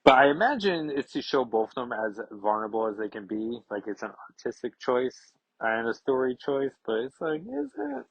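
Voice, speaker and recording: A man's voice: medium pitch, normal speed, few pauses, slightly rough, no room sound, highs cut off. A man hosting a casual comic-book recap, talking loosely with sarcastic asides. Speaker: comic book podcast host.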